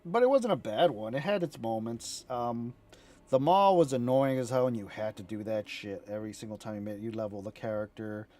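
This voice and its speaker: A man chatting casually as he reacts to game cinematics, excitable, rambling and profane. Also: mid-range voice, brisk. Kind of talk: casual chat.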